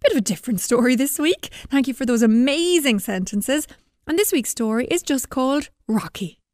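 A woman reading a children's story aloud in a friendly, expressive way and then running a quiz. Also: high voice, normal speed, no echo.

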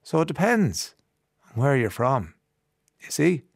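Chatty Irish radio host, dry studio sound. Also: male voice, medium pitch, very animated, measured pace, vocal fry, dry recording. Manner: chatty, reads texts aloud and riffs on them. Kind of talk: casual radio chat reading listener messages. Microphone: studio microphone.

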